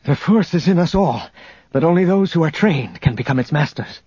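A man's voice: a little high, animated, a little fast, a little mellow, husky, no echo, voice pushed up. A man voicing an earnest young male Jedi knight in an audiobook, on a dull lo-fi recording.

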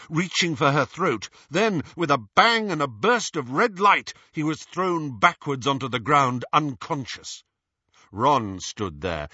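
A man reading a novel aloud as an audiobook narrator, with an expressive delivery. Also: on the low side, breathy edge, no room sound, muffled recording.

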